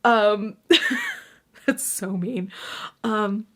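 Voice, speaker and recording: A woman's voice: medium pitch, moderate pace. Cranky woman ranting about books. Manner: cranky, profane and emphatic; gestures a lot while talking. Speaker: book reviewer. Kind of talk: casual ranting book review.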